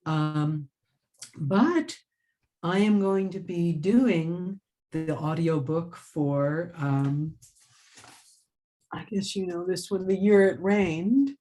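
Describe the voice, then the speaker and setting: Energetic woman telling a story in a relaxed interview. She rambles warmly from one thought to the next, breaks off to laugh, and restarts her sentences as ideas come. Her speech sounds lively and unscripted. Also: fairly low pitch, drawn-out words, long pauses. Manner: laughs often and restarts phrases. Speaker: author and writing teacher. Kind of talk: casual interview chat.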